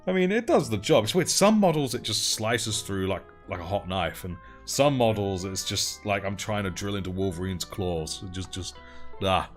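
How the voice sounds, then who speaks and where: Chatty man, lowish voice. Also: normal speed, soft background music. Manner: chatty, reads out and thanks chat while painting, laughs often. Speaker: livestream host. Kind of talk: casual livestream chat.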